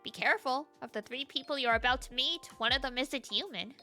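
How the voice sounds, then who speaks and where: A woman voicing a calm, reassuring guide character in a game, read gently and steadily. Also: high voice, a little fast, soft background music. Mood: urgent.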